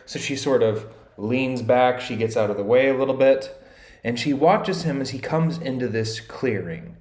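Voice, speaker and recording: A man's voice: mid-range voice, moderate pace, darkish tone. A man giving a casual chapter-by-chapter summary of a classic novel, retelling scenes in everyday slang and reading quotes aloud. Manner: conversational, paraphrases scenes in modern slang. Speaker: literature explainer. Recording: echoey room.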